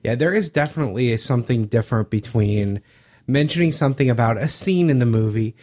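A man with an ordinary mid-pitched voice joins a casual panel chat. He speaks in a measured, matter-of-fact way and lays out his point plainly. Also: lively intonation, darkish tone. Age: adult.

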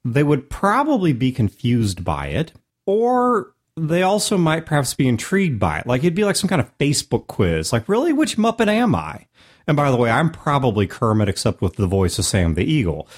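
An American man with a sore throat hosting a solo podcast, joking with big swings in pitch. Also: big pitch swings, moderate pace. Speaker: podcast host.

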